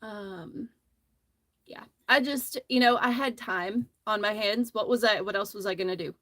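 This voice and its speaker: A woman's voice: mid-range voice, unhurried, a bit bright, no room sound. A woman hosting a casual crochet livestream from her phone, telling a rambling, friendly story as she works. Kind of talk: casual chat while crocheting.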